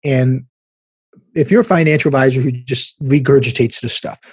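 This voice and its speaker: A man hosting a podcast, giving blunt, animated business advice in a casual way and laughing at himself now and then. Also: mid-range voice, a little fast, slightly rough, no echo. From American Midwest. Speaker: podcast host, business coach.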